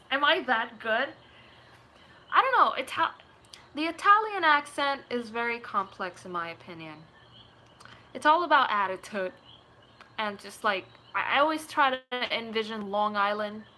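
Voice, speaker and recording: A woman talks through viewer questions in a loose, rambling way and giggles often. Her voice is bright and sits slightly high. A faint hiss runs under the talk. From Puerto Rico. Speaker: gaming YouTuber. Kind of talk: casual chat answering viewer questions.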